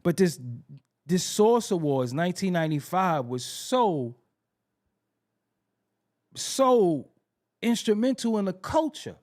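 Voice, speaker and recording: A man hosting a podcast, telling music history stories in a casual, animated way and repeating himself for emphasis. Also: sits high, slow, long pauses. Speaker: podcast host.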